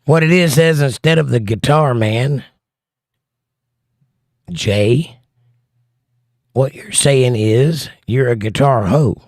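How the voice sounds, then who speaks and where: A mid-range male voice takes things slowly and pauses often as he reads viewer comments on a laid-back livestream and replies with joking, wry remarks. The recording is dry and of studio quality.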